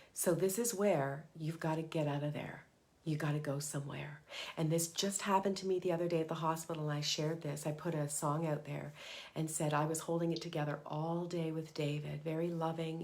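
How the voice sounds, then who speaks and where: A woman's voice: low-pitched, darkish tone. Earnest, emphatic middle-aged woman coach. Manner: earnest, emphatic, drops to a whisper for mantras. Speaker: parenting coach and host. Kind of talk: live motivational talk to moms.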